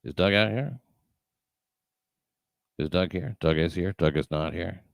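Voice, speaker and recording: A man's voice: sits low, lively intonation, a little slow, gravelly, no echo. A man hosting a livestream, chatting casually and reading viewer comments, rambling and swearing with many fillers and restarts. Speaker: show host reading live chat.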